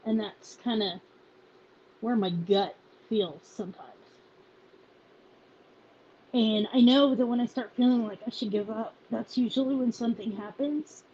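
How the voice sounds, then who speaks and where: A woman who leads a volunteer group, speaking in a halting, emotional personal message with many restarts, close to tears. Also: a little high, dark tone, highs cut off, a little hiss or hum.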